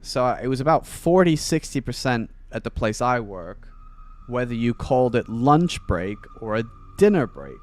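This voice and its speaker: A man's voice: mid-range voice, big pitch swings, moderate pace, a little mellow. A man chatting casually while playing a video game, rambling with many fillers and restarts. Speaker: game streamer. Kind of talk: casual chat while gaming.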